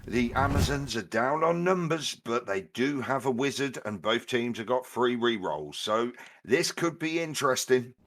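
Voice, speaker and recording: A man's voice: mid-range voice, expressive, moderate pace, background noise. A man giving upbeat, bantering commentary on a game stream.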